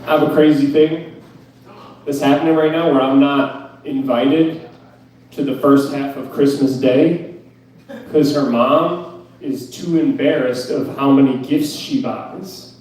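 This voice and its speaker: A man's voice: mid-range voice, steady tone, measured pace, a little mellow, very echoey, recorded from a distance, rough recording. A young man doing a stand-up set at an open mic, ranting in a profane, incredulous, self-mocking way. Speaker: stand-up comedian. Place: club stage.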